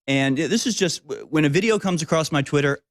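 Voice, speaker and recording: A man hosting a political commentary show, talking in an opinionated, rambling monologue with frequent filler pauses. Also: on the high side, lively intonation, dry recording, studio quality.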